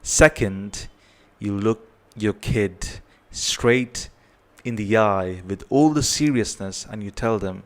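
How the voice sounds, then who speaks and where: Slow and fairly low-pitched, a man earnestly advises parents while addressing the camera. He circles back over his points and often checks in by asking "right?"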